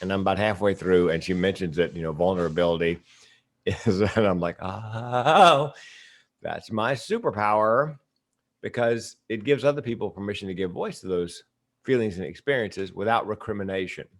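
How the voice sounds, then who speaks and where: A man's voice: deep voice, brisk. A middle-aged man, a comedian and speaker, telling stories as a guest in a casual interview, with punchy comic timing.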